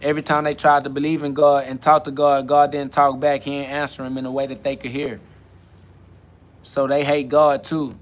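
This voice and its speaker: A man's voice: mid-range voice, level tone, moderate pace. A man hosting a spiritual self-talk podcast, ranting in a preachy, streetwise way with lots of repetition. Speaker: podcast host.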